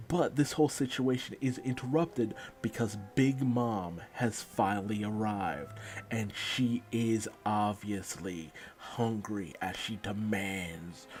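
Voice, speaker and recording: A man talks through a manga chapter in a relaxed, rambling way, his voice of middling pitch and warm, mellow tone. Faint music plays quietly behind him. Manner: loose, rambling storytelling. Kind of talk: casual chapter recap.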